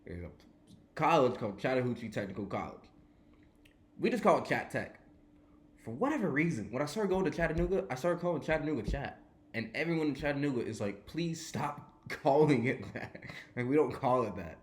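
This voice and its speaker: A man's voice: mid-range voice, animated, quick pace. A young man from Georgia, casually and self-critically talking over his own comedy set. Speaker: podcast host. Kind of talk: casual commentary.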